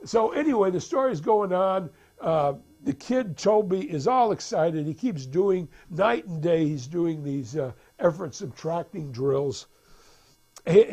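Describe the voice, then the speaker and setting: A man with a fairly high, slightly mellow voice and a breathy edge casually retells a film's plot. His storytelling rambles, full of restarts and fillers, as he acts out the characters' lines.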